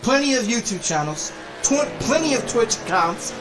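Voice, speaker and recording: A man's voice: extremely high pitch, sing-song, normal speed, over music. A man streaming games, delivering an angry, profane rant full of repeated insults and threats. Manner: heated, repetitive cursing, threatening. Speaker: game streamer.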